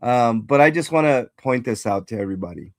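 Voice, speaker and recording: A man's voice: medium pitch, expressive, a little fast, no echo, studio quality. A man hosting a casual livestream, rambling and greeting chat viewers by name. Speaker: livestream host.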